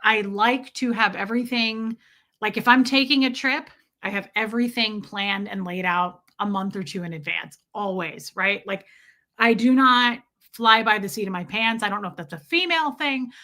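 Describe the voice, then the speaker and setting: A woman hosting a livestream, telling a story as a casual rant, chatty and quick, full of restarts and "like". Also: medium pitch, pushed and bright. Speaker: livestream host.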